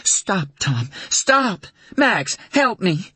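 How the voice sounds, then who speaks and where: A man reading an audiobook, voicing a battered, loving mother who speaks softly and soothingly. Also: fairly high pitch, fairly even intonation, slow pace, slightly rough, dry recording, voice pushed up, exaggerated voice. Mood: frantic. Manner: soft, pleading then soothing. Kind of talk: audiobook character voice.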